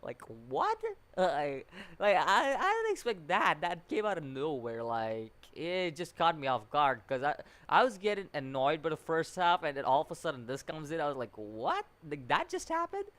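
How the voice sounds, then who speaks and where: A man giving a casual spoken anime episode review, animated and incredulous, laughing often and filling his talk with "like" and "what?". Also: a little high, moderate pace, smooth. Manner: animated and incredulous, full of fillers and repeated "like, what?"; laughs often while talking.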